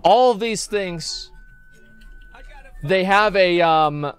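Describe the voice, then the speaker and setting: A man with a fairly high voice rants sarcastically, swearing freely and tripping over his own restarts. Faint music plays quietly behind him. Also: extremely slow, clear, resonant tone, no room sound. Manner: sarcastic, mocks people in put-on voices; profane, rambling with restarts. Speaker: streamer. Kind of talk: ranting commentary.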